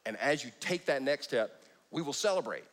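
A man's voice: mid-range voice, lively intonation, normal speed, fairly bright tone. A man preaching a sermon in church, joking and breaking off his own sentences. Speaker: pastor.

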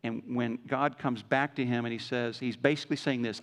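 A man preaching a sermon in a conversational way, swinging from loud emphasis to hushed lows and acting out quoted speech. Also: fairly even intonation, fairly quick, long reverb tail. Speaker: pastor.

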